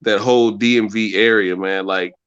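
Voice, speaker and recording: Low-voiced man in laid-back sports chat. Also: steady tone, moderate pace, fairly bright tone, smooth, no echo, lo-fi sound. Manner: laid-back, repeats and restarts phrases. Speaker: podcast co-host.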